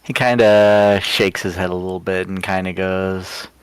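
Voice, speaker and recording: Deep-voiced, slow man narrating a game. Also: steady tone, clean tone, no echo. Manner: laid-back, hedging. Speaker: tabletop game player. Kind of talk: narrating his character's actions.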